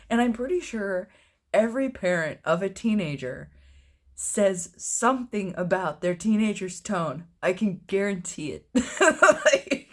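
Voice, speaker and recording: A man in his thirties, chatting casually to camera in a personal vlog, with a low, mellow voice, laughing often at himself. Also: expressive, moderate pace. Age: 30s. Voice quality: low, mellow voice with little fluctuation. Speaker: vlogger.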